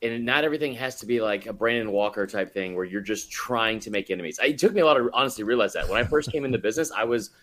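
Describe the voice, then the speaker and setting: A man's voice: lowish voice, lively intonation, racing, few pauses, a bit bright. A man talking as a podcast guest in casual chat, rambling with lots of fillers and laughing often.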